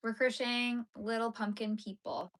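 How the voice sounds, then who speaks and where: A young woman hosting a casual crochet livestream from her home, chatting with viewers and sometimes dropping into soft murmurs and whispers. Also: on the high side, steady tone, moderate pace. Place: home crafting room.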